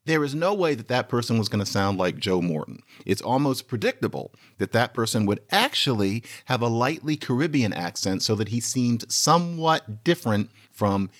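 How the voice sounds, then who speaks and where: A podcast host in lively, chatty commentary, explaining a point to listeners. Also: male voice, medium pitch, moderate pace, few pauses. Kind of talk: lecture-style commentary.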